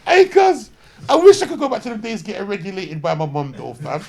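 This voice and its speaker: This is a man in his thirties with a very gravelly, high voice. He tells stories loudly as a podcast guest, full of swearing and slang, and his pitch swings widely. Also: wildly swooping pitch, fairly quick. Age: 30s. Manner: loud, swearing, slang-heavy storytelling. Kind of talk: animated anecdote telling.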